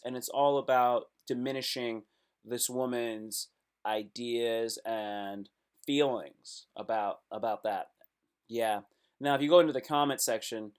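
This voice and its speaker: A man's voice: medium pitch, smooth. A man hosting a casual live stream, reacting aloud to web posts in a loose, slangy way.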